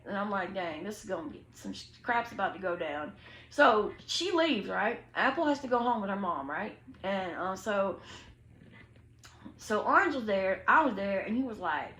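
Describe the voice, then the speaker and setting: A young woman, telling a story to her viewers in an animated, slangy way, acting out what people said. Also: fairly high pitch, vocal fry, roomy sound, slight background noise, low-quality recording. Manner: animated, slangy, quotes people in lively voices. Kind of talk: casual storytime chat.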